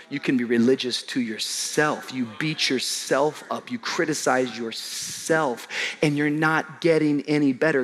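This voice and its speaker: A male pastor preaches to his congregation in a high, bright, forceful voice. His delivery is animated and slangy, with bursts of shouted emphasis and quieter low asides. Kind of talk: sermon to a live congregation.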